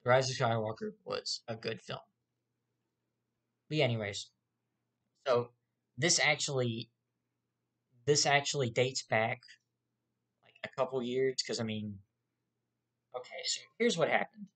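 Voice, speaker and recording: A vlogger ranting to camera with a lot of swearing. The talk rambles with fillers and restarts, and the pitch jumps up sharply when angry. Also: measured pace, pauses often, fairly bright tone. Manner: profane, heated ranting.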